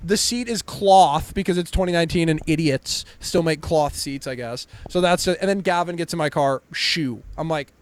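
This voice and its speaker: A young man in his twenties co-hosting a comedy podcast, telling loud, swear-filled anecdotes in casual chat. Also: fairly high pitch, moderate pace, few pauses. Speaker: podcast co-host.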